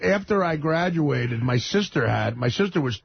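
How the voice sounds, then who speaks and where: A man with a high, gravelly voice tells a story in casual chat. His pitch swings widely and he keeps laughing through his own words. The audio is slightly muffled, like a dulled podcast recording. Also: animated, normal speed, a little hiss or hum.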